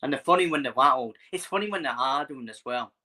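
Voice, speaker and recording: A man's voice: mid-range voice, animated, fast talker, bright, forceful tone. A man hosting a live football watchalong, chatting bluntly and casually, swearing freely and repeating himself.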